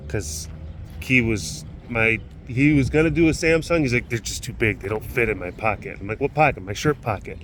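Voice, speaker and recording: An animal caretaker hosting a casual vlog at a big cat facility tells a story, laughing and cooing fondly at the animals. His voice is mid-range and fairly bright at a moderate pace, with a slight hiss or hum in the recording.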